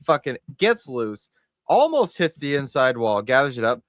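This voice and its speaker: A man co-hosting a racing podcast in casual chat, excitable and profane. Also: mid-range voice, normal speed, no room sound, studio quality. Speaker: podcast co-host.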